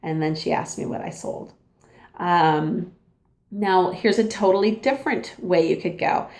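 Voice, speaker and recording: A woman's voice: lowish voice, a little slow, a little mellow. A woman giving a casual, upbeat training talk as a sales consultant, chatty and acting out little dialogues. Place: home.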